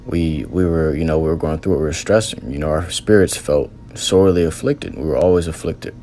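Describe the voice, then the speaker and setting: A man's voice: a bass voice, brisk, dark tone, a little hiss or hum. A man earnestly recounting a religious vision as a testimony, in loose storytelling with many fillers.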